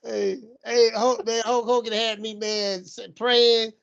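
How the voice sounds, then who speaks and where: High-voiced guy with a gravelly fry, rambling in slang about the old days. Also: little pitch movement, unhurried, fairly bright tone, muffled recording. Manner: rambling slangy reminiscing with many fillers. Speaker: podcast co-host. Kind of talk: casual chat.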